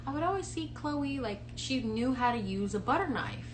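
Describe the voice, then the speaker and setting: A young woman in her twenties chatting on a livestream, telling a childhood story in an animated, playful way. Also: sits high, normal speed. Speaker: livestream co-host. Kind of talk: casual chat, storytelling. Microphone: phone livestream. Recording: echoey room with clear background hum.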